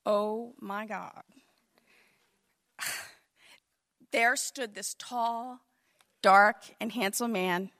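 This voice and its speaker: A woman in her fifties telling a comic personal story with animated, vivid asides. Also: medium pitch, drawn-out words, long pauses.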